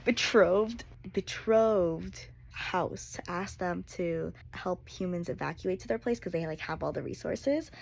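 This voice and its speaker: A young woman chatting casually in a reading vlog, excitable and gushing, with lots of "like". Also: lowish voice, a little slow, vocal fry, few pauses. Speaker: book vlogger.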